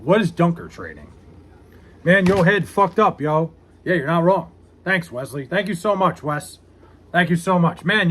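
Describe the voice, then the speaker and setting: A male streamer with a fairly high voice chats casually on his live stream, reading viewer comments aloud. He answers with loose, joking banter, cursing freely and poking fun at himself. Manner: joking, profane, self-mocking banter with viewers. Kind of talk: casual livestream chat.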